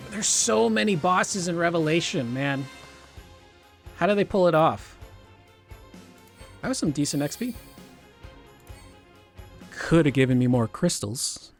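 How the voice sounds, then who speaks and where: A young man hosting a gaming channel, chatting excitedly through a let's-play. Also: fairly high pitch, a little slow, creaky, long pauses, faint music behind. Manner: chatty, excitable remarks on the fight. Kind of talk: casual let's-play commentary.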